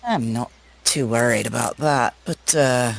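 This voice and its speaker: Unhurried man describing his character. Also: mid-range voice, gravelly. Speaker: player. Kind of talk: tabletop role-play narration.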